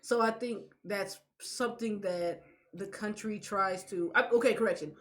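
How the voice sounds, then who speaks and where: A young woman co-hosting a casual podcast chat, animated and full of "like" fillers, laughing often. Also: mid-range voice, normal speed. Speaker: podcast co-host.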